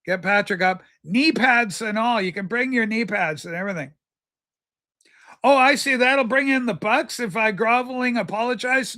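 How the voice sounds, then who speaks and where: Livestream host, male, high and bright voice, rambling jokey chatter with viewers. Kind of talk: casual livestream chat reading viewer comments.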